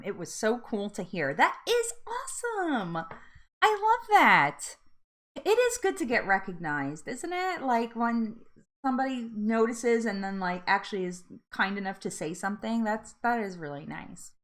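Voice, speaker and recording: A woman hosting a live weight loss support chat, chatting casually, laughing often and reading out viewer comments. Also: on the high side.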